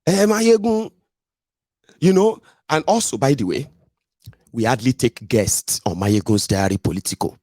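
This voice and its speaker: A man's voice: lowish voice, sing-song, moderate pace, darkish tone, no room sound. A man with a Nigerian English accent hosting a political podcast in a loose, digressive rant, blunt and full of pidgin tag questions. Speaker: podcast host. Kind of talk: casual ranting monologue.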